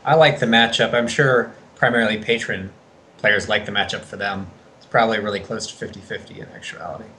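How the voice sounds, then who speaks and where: A man's voice: on the low side, steady tone, brisk, bright, forceful tone, low-quality recording. A man doing color commentary on a card game match, adding short agreements and explaining strategy. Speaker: esports co-caster.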